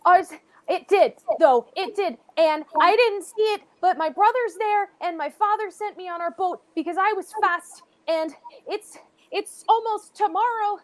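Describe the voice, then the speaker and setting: A woman voicing a scared, exhausted boy of about eleven who pleads in halting bursts. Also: very high-pitched, voice pushed up. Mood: pleading.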